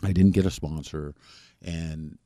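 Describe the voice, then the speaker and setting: A man, a podcast guest, candidly telling his personal recovery story in a plain-spoken, halting way with frequent restarts. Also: extremely low pitch, steady tone, mellow, no echo, clean studio sound.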